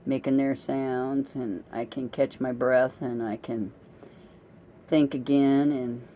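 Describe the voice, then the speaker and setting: A middle-aged woman chats into her camera in a loose, meandering vlog. Her voice is mellow and unhurried in tone, and she tells homey anecdotes with a self-amused, gossipy ease. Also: a bass voice, fairly even intonation, slight background noise. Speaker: vlogger. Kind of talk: casual rambling monologue.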